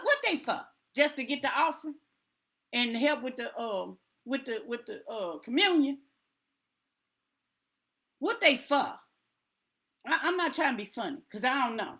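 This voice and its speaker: A woman's voice: high-pitched, fairly bright tone. A woman preaching to a congregation in an emphatic, repetitive rallying cadence.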